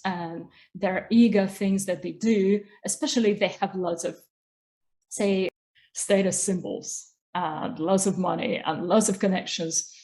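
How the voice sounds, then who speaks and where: A woman's voice: mid-range voice, a little mellow. A woman hosting an interview over a video call, explaining her views in an earnest manner. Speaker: host. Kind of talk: interview conversation.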